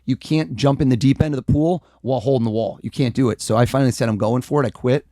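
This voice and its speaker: A man from the United States, a mentalist guest, talking in a casual interview in a lively, animated way. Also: mid-range voice, fast talker, no room sound, studio quality. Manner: energetic, animated, acts out quoted voices.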